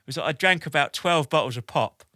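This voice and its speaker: A man in his forties, a podcast guest telling a lively anecdote in an animated way, with lots of "like" and "basically". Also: on the high side, a little fast, no room sound, clean studio sound. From United Kingdom. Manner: animated, with many "like" and "basically" fillers. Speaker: podcast guest, military veteran.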